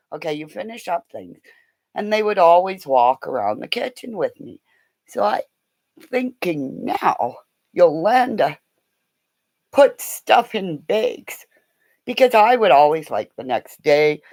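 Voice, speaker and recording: A woman telling a long, rambling story in a casual way. She laughs often and bursts into loud quoted lines. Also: low-pitched, no echo.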